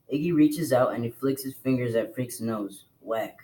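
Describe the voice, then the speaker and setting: A man reading a novel aloud to a class in a plain, steady storytelling voice. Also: mid-range voice, moderate pace, rough recording. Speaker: reader.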